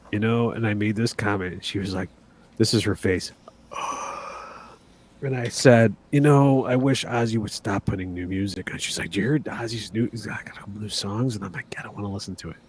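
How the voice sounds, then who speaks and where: A man's voice: fairly low pitch, a little fast, a little mellow, slightly rough. A man and father, hosting a casual chat and telling a rambling story full of acted-out quotes. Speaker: host.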